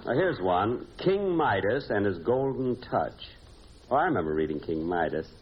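A man hosting and narrating a 1950s radio comedy, with a dry, deadpan delivery and pauses for laughs. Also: lowish voice, crowd noise. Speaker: comedy show host and narrator. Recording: hissy dull old radio recording.

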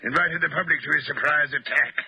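An actor playing a cold, smooth-talking male Martian invader posing as an Earthman, in an old-time radio drama. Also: fairly high pitch, steady tone, quick pace, sharp tone, no echo, exaggerated voice. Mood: coldly gloating. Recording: dull old radio recording.

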